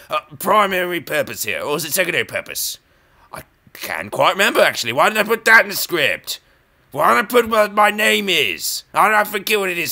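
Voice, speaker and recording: A young man giving rambling, self-mocking chess commentary, jokey and erratic, with sudden loud outbursts. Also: medium pitch, very animated, unhurried, vocal fry.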